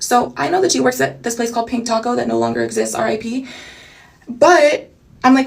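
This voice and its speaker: A young woman telling a personal story in a chatty storytime vlog, animated and full of asides. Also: fairly high pitch, a little fast, creaky, distant mic.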